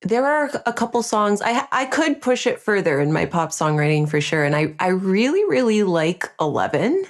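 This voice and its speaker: A woman's voice: medium pitch, very animated, moderate pace, hardly any pauses. A woman singer-songwriter speaking as a guest on a podcast, chatting casually and enthusiastically. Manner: enthusiastic and upbeat. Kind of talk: casual interview chat.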